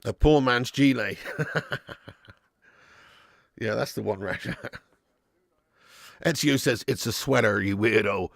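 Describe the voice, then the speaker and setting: A man's voice: medium pitch, big pitch swings, measured pace, gravelly, long pauses, no echo, studio quality. A man hosting a live football watch-along stream, bantering and laughing as he reads out viewer messages.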